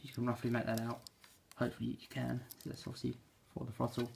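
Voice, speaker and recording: A man's voice: mid-range voice, completely flat delivery, fast talker, creaky. A young man from England, chatting casually and rambling through an unboxing, full of fillers and self-deprecating asides. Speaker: unboxing vlogger. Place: home bedroom. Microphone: handheld camera mic. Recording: noisy home camera audio. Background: crinkling packaging and clicks.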